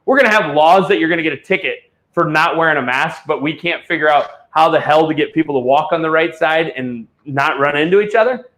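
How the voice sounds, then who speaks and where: A man hosting a live online auction, telling a rambling, profane story before pitching items. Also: brisk, hardly any pauses, a bit bright. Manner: rambling, ranting storyteller who swears freely. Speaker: livestream auction host. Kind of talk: casual livestream chat and product pitch.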